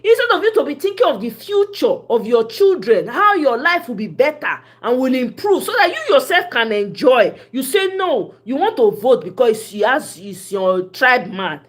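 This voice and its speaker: A woman with a Nigerian accent giving casual political commentary, mixing Pidgin English with animated, often laughing delivery. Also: sits high, normal speed, few pauses.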